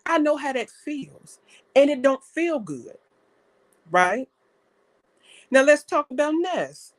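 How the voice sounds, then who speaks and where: A woman's voice: high voice, big pitch swings, slow, no echo. A young woman hosting a live online panel, telling stories in a casual, chatty way and defending herself. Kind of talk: casual talk on a live stream.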